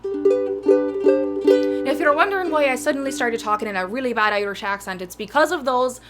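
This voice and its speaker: A woman in her thirties hosts a live music stream, chatting between songs in a rambling, self-mocking way. Her voice is high with big pitch swings, at normal speed. Loud ukulele music plays behind her.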